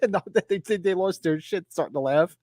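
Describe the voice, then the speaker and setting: A man's voice: high voice, a little fast, no echo, clean studio sound. A man co-hosting a live movie watch-along, telling stories in casual chat and acting out the quotes. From New Jersey. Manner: animated storyteller, acts out quotes.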